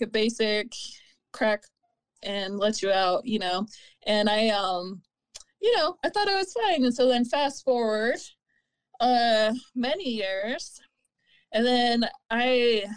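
Earnest woman in her thirties, fairly high voice. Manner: halting, with frequent fillers and restarts; candid and earnest. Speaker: interview guest. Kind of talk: personal storytelling in an interview.

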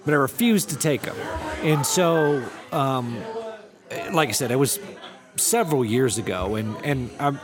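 A man in casual chat, speaking in a relaxed, reflective way. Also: medium pitch, unhurried, crowd noise.

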